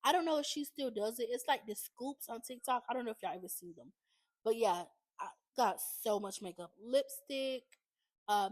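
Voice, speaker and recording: A chatty woman doing a casual makeup tutorial, her voice sitting fairly high. She keeps checking in with viewers, tossing in y'all and okay. The sound is close and dry, with no room behind it. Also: no room sound. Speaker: beauty vlogger.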